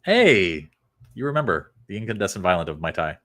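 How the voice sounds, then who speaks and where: Blunt man reviewing copy, deep low voice, sarcastic asides. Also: big pitch swings, a little fast, a bit bright. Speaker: copywriting critic. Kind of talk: casual critique of web copy.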